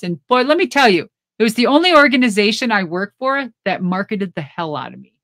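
A middle-aged woman, a former pro wrestler, telling stories in a casual interview with blunt, profane, animated talk and frequent laughs. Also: medium pitch, normal speed, dry recording, clean studio sound.

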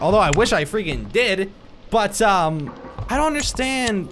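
High, jumpy young man gaming. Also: big pitch swings, fairly bright tone. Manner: jumpy, panicky yelps and rapid repeated protests. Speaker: let's play gamer. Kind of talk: horror game commentary. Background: game music.

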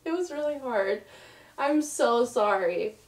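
Giggly high-voiced young woman, echoey room. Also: animated, slow pace, a crowd in the background. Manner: giggly, laughs through her words, apologetic. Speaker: vlogger pranking her partner. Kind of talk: casual couple vlog. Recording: echoey room, mic at a distance.

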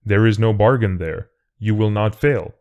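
A man reading an audiobook, voicing a godlike disembodied presence in a measured, tolerant, coolly matter-of-fact way. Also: on the low side, phone-quality sound, natural voice. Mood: calm, tolerant. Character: calm all-knowing godlike male voice.

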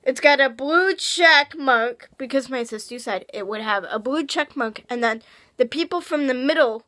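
A young woman vlogging in casual chat, rambling with restarts and gushing with excitement. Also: high voice, normal speed, no room sound. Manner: excitable, gushing, shrieks when thrilled.

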